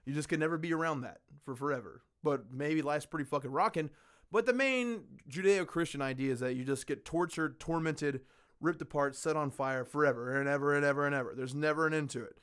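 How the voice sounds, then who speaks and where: A man hosting a podcast in casual chat, ranting with lots of swearing and animated storytelling. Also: on the high side, fairly quick, clean tone. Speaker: podcast host.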